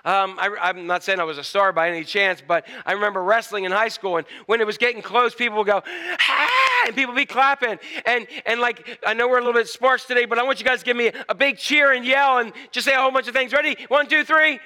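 A man's voice: extremely high pitch, fairly even intonation, fast talker, few pauses, pushed and bright, clear, resonant tone. A man preaching a casual, jokey sermon who keeps asking the crowd questions.

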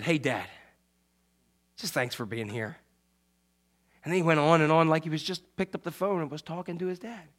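A man delivers a sermon in a high, lively voice. He acts out quotes loudly, then drops to soft, hushed asides. He talks like a pastor chatting with his congregation. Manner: animated, swings from loud acted quotes to soft hushed asides.

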